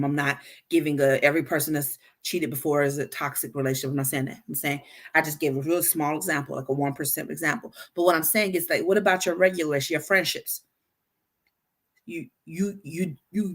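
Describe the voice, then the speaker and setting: A woman hosting a casual talk on healthy communication, speaking straight to her listeners, animated and stumbling into frequent restarts and repeated words. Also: deep voice. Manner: addresses listeners directly. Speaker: podcast host.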